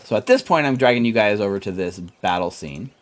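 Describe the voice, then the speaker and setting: A man's voice: on the low side, lively intonation, brisk. A man narrating as game master, loose and chatty with lots of fillers.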